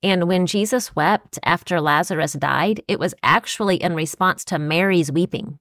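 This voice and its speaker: An earnest woman co-hosts a Christian podcast, talking reflectively and quoting scripture. Her voice sits a little low for a woman. The recording is dry and close. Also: normal speed, hardly any pauses, a bit bright, no echo. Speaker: podcast co-host.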